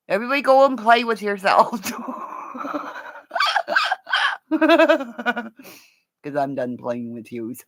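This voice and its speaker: A woman's voice: mid-range voice, sing-song, takes it slowly. A woman casually chatting to her livestream viewers from home, laughing constantly, swearing freely and teasing them affectionately. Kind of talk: casual rambling chat. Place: at home, in bed with her dog.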